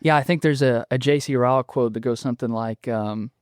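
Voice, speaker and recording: Male guest explaining ideas, halting and thoughtful, dry close mic. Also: mid-range voice, clear, resonant tone, dry recording. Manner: thoughtful, explanatory, frequent ums and restarts. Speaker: podcast guest. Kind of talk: casual conversational interview.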